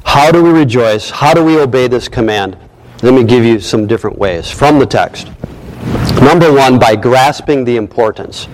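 A man's voice: mid-range voice, normal speed, darkish tone, rough recording. A man preaching a sermon as pastor, emphatic, repeating key phrases and asking rhetorical questions.

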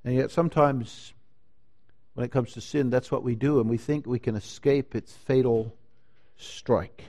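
A man preaching a sermon, slow and emphatic, rising to loud declarations and dropping to hushed lines. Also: medium pitch, fairly even intonation. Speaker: pastor.

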